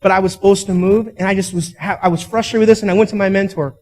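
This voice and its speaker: Talking fast in a high voice with fairly even intonation, a man preaches a sermon as a pastor on a rough recording. He tells stories, gives quoted characters their own voices, and pushes to loud, emphatic peaks.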